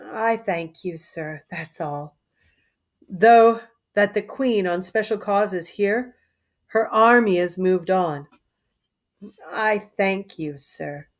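A woman's voice: medium pitch, slow pace, natural voice. A woman reading aloud as a polite, careful young man asking questions.

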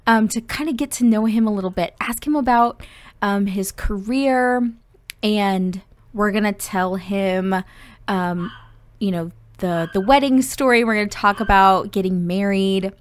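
A woman's voice: mid-range voice, measured pace, no room sound. A woman casually narrating a life-simulation game, chatty and full of ums. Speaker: gameplay narrator.

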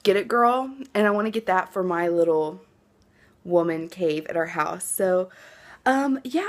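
A woman's voice: mid-range voice, animated, normal speed. A young woman chatting casually to her phone camera at home, rambling with lots of fillers. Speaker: vlogger. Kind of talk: casual vlog chat.

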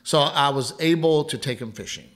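A man's voice: a little high, moderate pace, fairly bright tone. A man co-hosting a podcast, telling a family story in a rambling casual way with many restarts. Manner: rambling, repeats words, laughs while telling a story. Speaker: podcast co-host.

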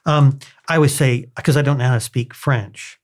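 A man's voice: medium pitch, steady tone, moderate pace. A man co-hosting a casual book discussion, reading long passages from a novel and telling anecdotes. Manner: reads long passages, then tells anecdotes with laughter. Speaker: podcast co-host.

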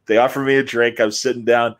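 A man's voice: mid-range voice, flat delivery, fast talker. A man hosting a live Q&A interview, telling anecdotes animatedly and acting out the people he quotes. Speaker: host.

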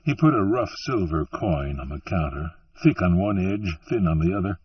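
A man reading an audiobook in a slow, measured storytelling manner. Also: low voice, expressive, husky, no room sound, recorded from a distance. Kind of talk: scripted audiobook narration. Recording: muffled, dry, from off-mic.

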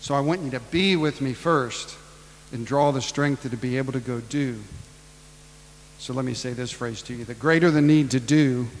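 A man's voice: medium pitch, moderate pace, long reverb tail, slight background noise, rough recording. A man preaching a casual storytelling sermon, ad-libbing and acting out the people in the tale. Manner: casual, ad-libbing retelling with acted-out voices.

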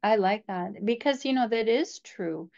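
Gravelly-voiced woman guest, muffled audio. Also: mid-range voice, animated, a little slow, darkish tone. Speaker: podcast guest. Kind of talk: casual faith conversation.

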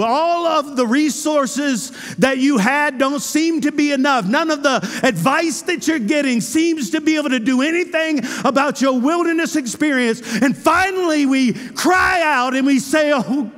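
A male pastor preaching a sermon with passion, moving between loud cries and hushed, intimate lines. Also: very high-pitched, a little slow, few pauses. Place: church sanctuary. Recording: church hall with long reverb.

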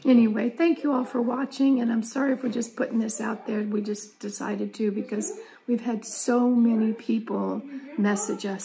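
An older woman chatting casually with family, an animated storyteller who often laughs. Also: on the high side, creaky, poor audio. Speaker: family matriarch in a family chat.

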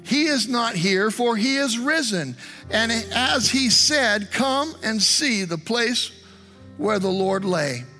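Pastor, male, high and bright, earnest sermon delivery over soft music. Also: animated, takes it slowly. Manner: earnest preaching with prayerful asides. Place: church. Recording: online service stream with music.

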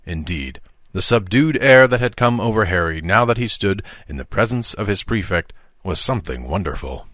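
A man narrating a children's audiobook as a father reading aloud, expressive and measured. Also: on the low side, no room sound, studio quality.

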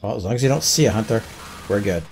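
A man with a fairly low voice gives casual play-by-play of his game. He mutters short reactions and asides to himself and his teammates as things happen, keeping it loose and conversational. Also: animated, fast talker, creaky, a little mellow, slight background noise. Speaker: gameplay commentator. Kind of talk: casual let's-play commentary.

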